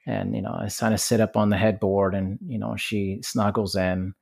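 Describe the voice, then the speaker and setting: A male podcast host with a fairly low voice, chatting in a relaxed, casual way. He shares anecdotes and laughs easily as he talks. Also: normal speed, gravelly. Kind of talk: casual chat.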